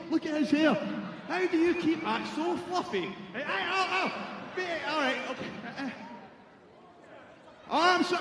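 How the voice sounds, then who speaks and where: A man's voice: very high voice, roomy sound, in a large hall, background noise. A man cutting a jokey, rambling wrestling promo to a live crowd, playing to them between lines. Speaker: wrestler on the mic. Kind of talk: cocky in-ring promo to a crowd. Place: indoor wrestling arena.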